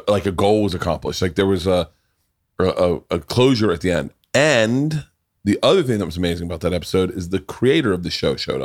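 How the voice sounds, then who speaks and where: A man hosting a podcast, telling stories in lively casual chat and laughing as he goes. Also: low-pitched. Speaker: podcast host.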